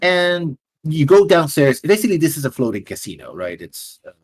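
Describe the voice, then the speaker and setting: A man's voice: fairly high pitch, very animated, brisk, breathy edge, no room sound. A man narrating as a tabletop game master in a casual way, with many fillers.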